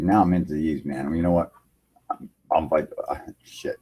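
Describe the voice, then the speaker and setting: Husky low-voiced guy rambling on a home livestream, dark tone, keeps saying man. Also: normal speed. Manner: rambling, loose, fills lines with "man". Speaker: internet radio host. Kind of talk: casual livestream chat. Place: home computer setup.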